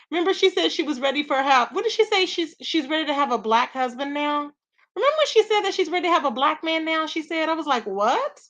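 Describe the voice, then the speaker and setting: A woman hosting a live stream who reads viewers' chat aloud and gives gossip commentary in an animated, expressive way, laughing often and talking straight to her audience. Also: high voice.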